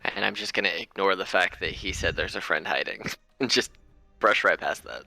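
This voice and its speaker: A man's voice: low voice, normal speed, vocal fry, sharp tone, no echo, poor audio. A man playing his character in a tabletop game, blunt and insistent with a wry edge. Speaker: player.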